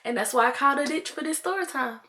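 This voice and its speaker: A chatty young woman telling a storytime vlog, her voice on the high side and bright with an edge. She talks in a loose, animated way, with plenty of "like" and quotes she acts out. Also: quick pace.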